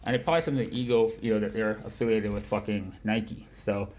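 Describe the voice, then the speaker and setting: A man hosting a casual livestream about markets, with a nasal voice, rambling, swearing often and laughing loudly. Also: lowish voice, steady tone, fast. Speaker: livestream host of a market analysis show. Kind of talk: casual profane chat.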